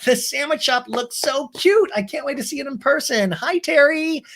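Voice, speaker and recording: A man impersonating a bubbly young woman who gushes in a high, sing-song voice. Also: lively intonation, moderate pace, a bit bright, full character voice. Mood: gushing.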